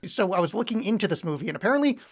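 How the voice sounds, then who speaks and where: A man's voice: sits high, big pitch swings, racing. A man co-hosting a podcast, chatting about a movie in a blunt, offhand way with casual swearing. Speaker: podcast co-host. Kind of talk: casual film-review chat.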